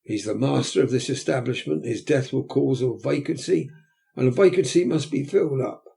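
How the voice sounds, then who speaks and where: A man's voice: mid-range voice, normal speed, gravelly, dark tone, pitched above the performer's own voice. A man voicing a pompous middle-aged parish beadle who woos in an unctuous, courting manner. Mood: wooing.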